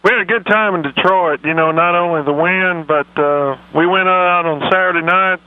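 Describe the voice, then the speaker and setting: A man putting on a dim, rambling, folksy old football coach, talking slowly on a phone-in. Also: high voice, clear, resonant tone, dry recording, phone-quality sound, close to an everyday voice. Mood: folksy, proud. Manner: slow, meandering, folksy drawl. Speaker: comedy phone-in character. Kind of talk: radio comedy impression.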